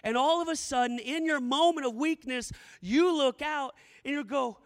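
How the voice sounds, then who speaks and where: A man's voice: extremely high pitch, normal speed, big-room sound. A middle-aged male pastor preaching a sermon, telling the story dramatically and repeating phrases for emphasis.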